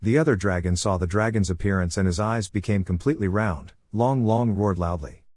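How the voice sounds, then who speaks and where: A man with a lowish voice reads a comic recap in a steady, even narration. The recording is dry and close, with no room sound around him. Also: fairly quick, dry recording.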